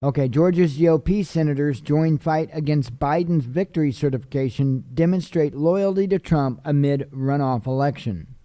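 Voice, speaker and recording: Male news-commentary host, weary and casual, warm dark tone, dry close recording. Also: fairly high pitch, moderate pace, few pauses, no echo. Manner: tired, yawning, offhand asides. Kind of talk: reading headlines with casual commentary.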